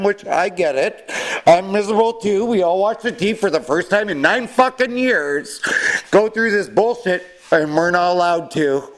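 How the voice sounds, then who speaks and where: A man with a notably high voice rants on a sports talk show, swearing at every turn. He rambles from gripe to gripe in a fired-up, unfiltered way, as a caller who won't be stopped. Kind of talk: profane ranting sports talk.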